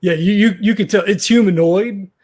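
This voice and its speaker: Man, game master, high voice, rambling, many fillers. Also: normal speed, a little mellow. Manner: rambling, full of fillers and restarts. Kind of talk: narrating a tabletop game.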